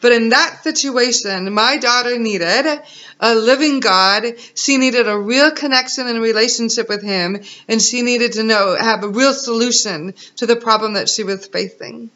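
Woman in her 30s telling a heartfelt faith testimony, crisp tense voice, kinda muffled lo-fi sound. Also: fairly high pitch, normal speed, pushed and bright. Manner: earnest, emotional, encouraging. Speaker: mother sharing a testimony. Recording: dull lo-fi recording.

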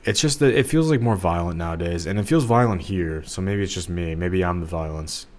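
A man's voice: low-pitched, brisk, darkish tone. A young man from the St. Louis area, talking casually and rambling on a solo podcast, with lots of fillers and restarts. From Missouri, St. Louis area. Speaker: podcast host.

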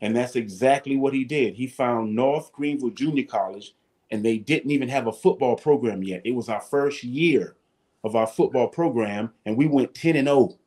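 Man spinning animated stories. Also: medium pitch, normal speed. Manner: animated, swears casually, acts out voices. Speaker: guest, former football player. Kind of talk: casual storytelling.

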